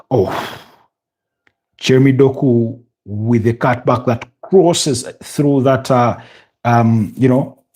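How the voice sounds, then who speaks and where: A man's voice: medium pitch, breathy edge. A young man with a Ugandan English accent hosting a live football watch-along, chatting with viewers and calling the action, with lots of fillers and restarts. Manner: many fillers and restarts, rising excitement at goals. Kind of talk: live match commentary and chat.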